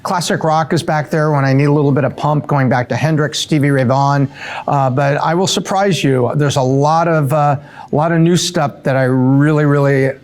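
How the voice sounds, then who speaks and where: A middle-aged man from the US East Coast answering quick questions in a casual, upbeat way, with fillers and self-corrections. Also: a little high, steady tone. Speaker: show regular answering rapid-fire questions.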